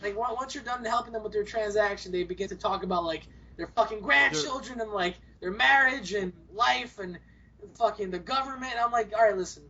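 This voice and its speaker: A man's voice: high voice, fairly quick, pushed and bright. A young man telling profane work stories in a casual podcast chat. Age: young adult. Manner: profane, ranting storyteller. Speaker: podcast co-host. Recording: muffled lo-fi recording.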